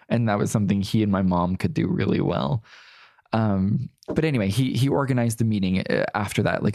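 A young man with a gravelly, creaky voice tells his story as an interview guest. He talks in a chatty, rambling way, with plenty of "like" fillers and the odd sassy aside. The sound is dry and close, with no room echo. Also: lowish voice, a little mellow.

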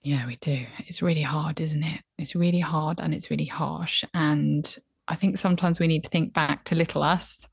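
A woman in her thirties speaks with an earnest, reflective manner as a podcast guest. Her voice sits on the low side for a woman. The recording is close and dry, with no room sound. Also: normal speed, gravelly, breathy edge, dry recording. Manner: earnest, reflective, animated when recounting. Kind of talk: candid conversational advice.

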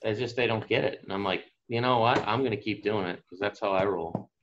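A man from Atlantic Canada, a podcast guest, telling a casual anecdote in a relaxed way. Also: a little fast, noisy background. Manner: relaxed anecdotal, raises pitch for quoted voices. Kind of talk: casual storytelling. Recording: dull lo-fi sound.

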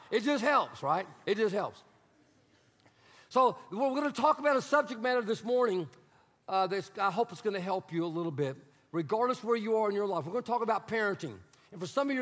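A male pastor preaches a sermon in a church sanctuary, conversational yet emphatic, repeating his key phrases. His voice is high with a fairly bright tone, and the recording carries long hall reverb.

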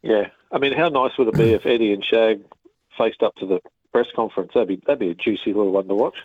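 A man's voice: lowish voice, fast, dry recording. A man calling in to a radio show, chatting in a friendly, rambling way over the phone. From Australia. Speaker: caller. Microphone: telephone. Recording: husky phone line.

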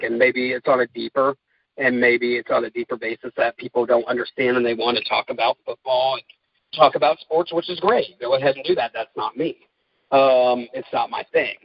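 A man speaking in an interview, talking in a halting, heartfelt way with many fillers. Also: medium pitch, vocal fry, dry recording, lo-fi sound. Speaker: guest, caregiver. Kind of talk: candid interview talk.

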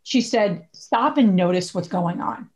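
A woman's voice: mid-range voice, expressive, a little slow, darkish tone. A woman co-hosting a podcast in casual chat, chatty and full of fillers, laughing as she talks. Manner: chatty, many likes, laughs while talking. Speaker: podcast co-host.

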